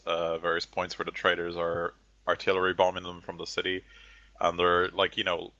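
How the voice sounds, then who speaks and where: A man's voice: low-pitched, sharp tone, no echo. A man narrating a tabletop game as game master, in a rambling, loose way full of fillers, on a dull lo-fi recording.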